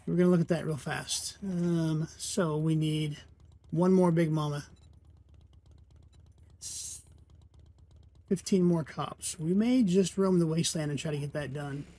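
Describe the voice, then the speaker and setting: A man giving casual gameplay commentary as a channel host, chatty and self-deprecating, quick to apologize for his slips. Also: fairly high pitch, steady tone, dark tone.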